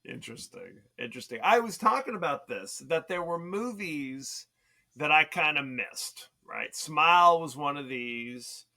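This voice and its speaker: Man, podcast co-host, casual chat, talkative, bright gravelly voice. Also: fairly high pitch, expressive, measured pace. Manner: talkative, leads the segments, laughs often.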